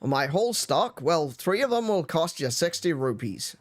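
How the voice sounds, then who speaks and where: A man's voice: on the high side, very animated, moderate pace, soft background music. Shopkeeper, male, cheerful salesy patter, put-on accent, read by a man playing a game. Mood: chipper.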